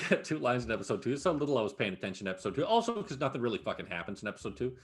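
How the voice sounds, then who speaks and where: A man co-hosting a podcast, chatting casually and recapping a series. His voice swings up and down as he tells the story, and he swears all the time in a loose, animated way. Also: mid-range voice. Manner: profane, animated recapping with frequent laughs. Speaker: podcast co-host. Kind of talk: casual chat.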